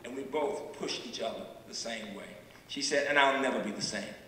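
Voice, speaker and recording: A man in his sixties, a university president giving a public lecture, telling stories with dramatic pauses and repeated refrains. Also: medium pitch, bright, forceful tone. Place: large lecture hall. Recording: echoey hall from far off.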